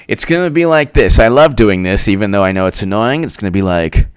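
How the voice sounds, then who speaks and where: A man's voice: fairly low pitch, expressive, a little fast, clean tone, no room sound, clean studio sound. A man giving sarcastic, rambling political commentary with comic skits. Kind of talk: casual comedic commentary with skits.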